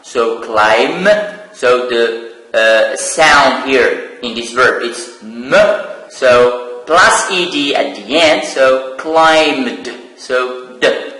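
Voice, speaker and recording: A man with an Algerian accent giving a televised English lesson, taking it very slowly and pausing between words as he spells out each sound. His voice is bright and forceful, and it rings in an echoey room. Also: mid-range voice. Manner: slow, deliberate, spelling out sounds with many pauses. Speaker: English teacher. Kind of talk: slow televised classroom lesson.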